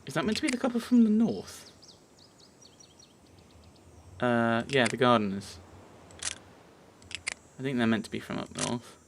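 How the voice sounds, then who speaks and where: A man's voice: mid-range voice, very animated, moderate pace, a little hiss or hum. A man giving casual, hesitant gameplay commentary, thinking aloud as he plays. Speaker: let's play host.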